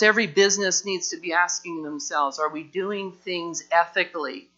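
Male pastor, high and bright, emphatic sermon delivery, lo-fi recording with hum. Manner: emphatic preaching, rising and falling in force. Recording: dull lo-fi recording with mains hum.

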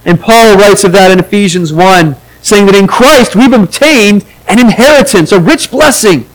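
A man's voice: high-pitched, moderate pace, low-quality recording. A man preaching a sermon as pastor, earnest, and acting out the quoted voices of the story.

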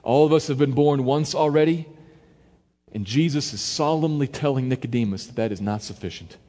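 A man's voice: mid-range voice, a little fast, long reverb tail. A man preaching a verse-by-verse sermon in a conversational way, now and then acting out quotes with more force. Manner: conversational, varies loudness for emphasis, acts out quotes. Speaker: pastor. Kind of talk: expository sermon.

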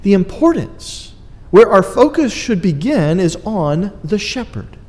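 A man's voice: sits high, big pitch swings, unhurried, a little mellow, long reverb tail. A man preaching a sermon, earnest and emphatic, with dry asides to his congregation. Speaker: pastor.

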